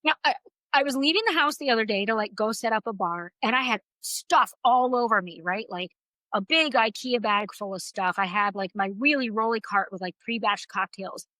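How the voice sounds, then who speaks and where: A woman co-hosting a book podcast in casual chat, an animated storyteller who swears freely. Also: medium pitch, dry recording, rough recording. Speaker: podcast co-host.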